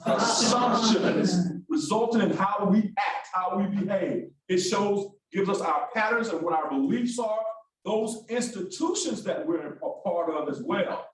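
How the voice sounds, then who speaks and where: Instructor, brisk and high-pitched, echoey distant hall sound. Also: male voice. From Alabama, US. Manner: brisk, animated, calls on the room. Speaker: workshop instructor. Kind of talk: interactive classroom lecture. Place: large echoey classroom.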